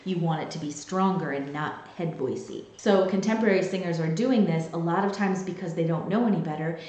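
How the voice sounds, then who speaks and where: A woman vocal coach explaining singing technique in a clear, teaching manner, with sung demonstrations. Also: on the low side, fairly quick, a little mellow. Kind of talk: singing lesson to camera. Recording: very echoey room.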